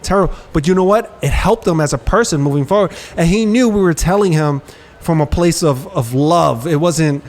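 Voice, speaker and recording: Pitched a little high and speaking at a normal speed, this podcast co-host spins animated stories over soft background music. He performs other people's lines in street slang as he goes.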